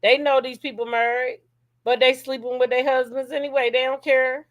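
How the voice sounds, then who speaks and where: A woman hosts a casual gossip commentary show, speaking directly to her viewers in a blunt, profane way and repeatedly asking "okay?" Here she reads a long text message aloud in a high, fairly flat voice at a fairly quick clip. The recording is dry.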